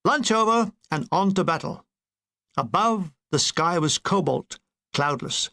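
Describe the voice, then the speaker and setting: A man reading a comic war memoir aloud, landing his puns with deadpan timing. His voice sits high and has a gravelly rasp. His pitch moves around a great deal. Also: measured pace. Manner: deadpan, playful punning delivery. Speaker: narrator.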